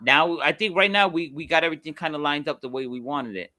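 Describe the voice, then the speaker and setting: A man co-hosting a podcast, talking sports in a casual, animated way and laughing easily. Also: on the high side, quick pace, dry recording, studio quality. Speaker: podcast co-host.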